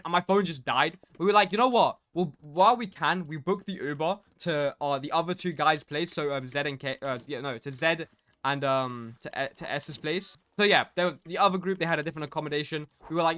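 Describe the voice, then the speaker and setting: Young man from england, bright forceful voice, casual rambling storytelling, lots of fillers. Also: a little high. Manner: rambling, many fillers and restarts. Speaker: gaming streamer telling a story. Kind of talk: casual storytelling while gaming.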